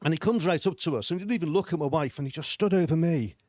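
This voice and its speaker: Dry, self-deprecating comic. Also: male voice, on the high side, expressive, rapid-fire, darkish tone. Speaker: stand-up comedian. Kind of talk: stand-up storytelling. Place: comedy club stage.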